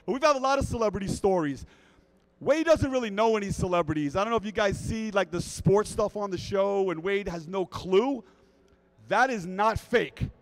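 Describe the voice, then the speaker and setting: A man giving a lively talk at a fish convention, telling anecdotes and addressing the crowd directly. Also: high voice, normal speed, a little hiss or hum, rough recording. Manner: animated storyteller who acts out quotes. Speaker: guest speaker at a fish convention.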